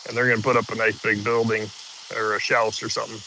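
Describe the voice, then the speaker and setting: A man, chatting casually outdoors while hosting a live stream, easygoing and relaxed. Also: lowish voice, fast talker, a little hiss or hum, low-quality recording. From Iowa, US. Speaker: livestream host. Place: outdoors at a rural property.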